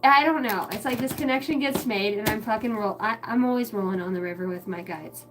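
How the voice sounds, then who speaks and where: A woman's voice: mid-range voice, fairly quick, music in the background. A young woman livestreaming from home as a psychic reader, chatting casually in a rambling way and swearing a lot.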